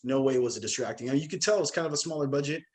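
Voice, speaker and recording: A man's voice: mid-range voice, racing. A man co-hosting a casual movie review chat, teasing the others and steering the talk to the next topic. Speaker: co-host of a movie review show.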